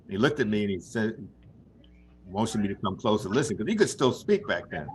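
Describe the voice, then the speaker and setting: A man's voice: fairly low pitch, very animated, fairly quick. An older man, a guest sports journalist, telling rambling anecdotes in a casual chat, chuckling now and then.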